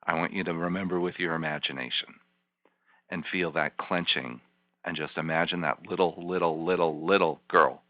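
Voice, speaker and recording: A man, a healing practitioner, leading a volunteer through slow guided imagery with soft, repetitive, soothing coaching. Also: sits low, fairly even intonation, no room sound. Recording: dull lo-fi teleconference line.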